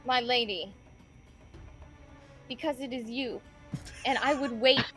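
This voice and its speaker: A woman's voice: on the high side, slow pace, a bit bright, soft background music, pitched below the performer's own voice. A woman voicing a vain celebrity bard, boastful, theatrical and flirtatious.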